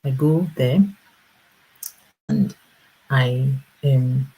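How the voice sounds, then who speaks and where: Low, mellow-voiced woman telling a story. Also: extremely slow, husky, poor audio. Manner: animated storyteller, acts out quoted voices with laughs. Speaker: livestream host and business coach. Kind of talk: casual storytelling livestream.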